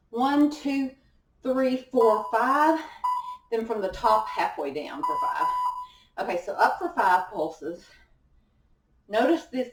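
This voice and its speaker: A woman coaches a workout class, her slow, unhurried cues rising and falling in a lively pitch. She sounds a little winded between exercises and encourages the class with small laughs. Her voice comes from some distance away in an echoey room. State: out of breath at times. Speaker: fitness instructor. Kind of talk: live workout class instruction.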